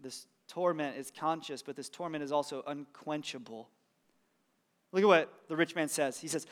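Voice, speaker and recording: Pastor guy preaching, high voice, chatty but punchy, loose asides to the congregation. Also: brisk, fairly bright tone. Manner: conversational, emphatic preaching with casual asides. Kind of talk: sermon.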